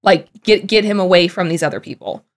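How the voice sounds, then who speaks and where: A woman's voice: on the low side, a little fast. Chatty young woman, full of fillers. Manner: chatty, lots of "like" fillers, animated bursts. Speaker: podcast co-host. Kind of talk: casual discussion of a TV show.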